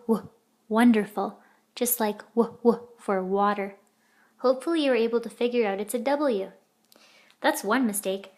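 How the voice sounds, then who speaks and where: A woman teaching a children's editing lesson, patiently sounding out letters and words. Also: fairly high pitch.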